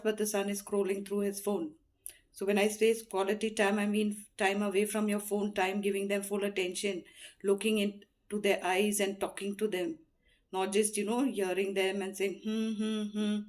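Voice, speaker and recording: A middle-aged woman talks earnestly and unhurriedly, giving heartfelt advice. She fills her pauses with "you know", and her voice sits at a medium pitch. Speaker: motivational speaker.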